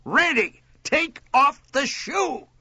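A man doing a bossy, yelling mother. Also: a little high, huge pitch swings, moderate pace, husky, voice pushed up, exaggerated voice. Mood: frantic. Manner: sharp, commanding yells. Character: bossy, frantic middle-aged mother. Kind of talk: storytelling.

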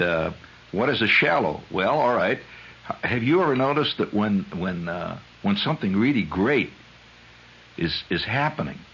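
A man hosting a radio show, spinning a rambling, chuckling monologue that climbs high when he gets worked up. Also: a little hiss or hum, poor audio. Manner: digressive storyteller, chuckles often, voice climbs high when excited. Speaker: radio host.

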